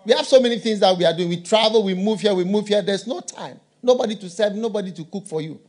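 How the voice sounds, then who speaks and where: A man's voice: high-pitched, quick pace, a little mellow, pitched above the performer's own voice. A preacher voicing a busy businessman father who brushes off pleas and, later, anxiously questions his son. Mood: dismissive. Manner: curt, dismissive, then anxious questioning.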